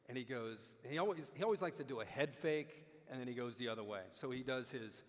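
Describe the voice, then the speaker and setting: A man spins an animated anecdote for a dinner crowd, jumping into the voices of the people in it. His voice sits in the middle range and carries the long reverb of a large hall. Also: mid-range voice, fairly quick. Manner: animated, acts out quotes. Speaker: guest speaker. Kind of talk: storytelling on stage.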